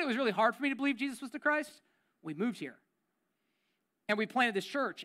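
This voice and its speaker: A man preaching a sermon as a pastor, conversational and emphatic, repeating key phrases and sinking into a low, intense tone. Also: animated, fast talker, pushed and bright.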